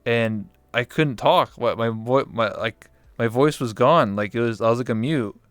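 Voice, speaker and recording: A young man, a guest on a talk show, telling stories in casual chat with animated, profane reactions. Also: mid-range voice, moderate pace, smooth, dry recording. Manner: animated, swears freely, acts out his own reactions.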